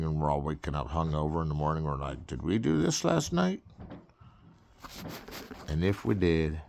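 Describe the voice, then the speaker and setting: A man hosting a loose, jokey cartoon critique, rambling through improvised commentary and slipping into mock-grand phrasing. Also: very deep voice. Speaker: comedic film critic host.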